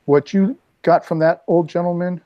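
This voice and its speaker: A man in his sixties hosting a casual video chat, telling rambling stories with lively asides. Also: sits high, moderate pace, dry recording. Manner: rambling storyteller, animated asides. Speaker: host. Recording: dull lo-fi dry sound.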